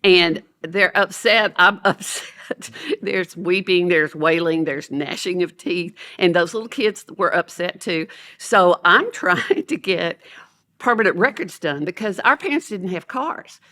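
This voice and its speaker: A woman, an educator and podcast guest, telling stories with lively energy, laughing often and acting out what people said. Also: lowish voice, a little slow. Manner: animated, laughing storyteller who acts out quotes. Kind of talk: storytelling in a podcast interview.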